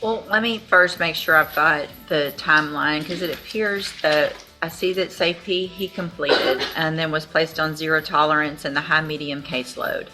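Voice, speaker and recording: A woman judge presiding in a courtroom, asking brisk, matter-of-fact questions. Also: low voice, steady tone, music in the background. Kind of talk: courtroom proceedings.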